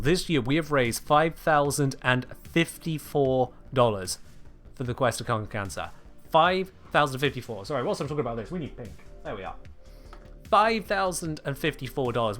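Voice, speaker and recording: A man's voice: fairly high pitch, a bit bright. Chatty British man streaming games. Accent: British English. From United Kingdom. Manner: chatty, replies to chat, wry humor. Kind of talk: casual live-stream chat.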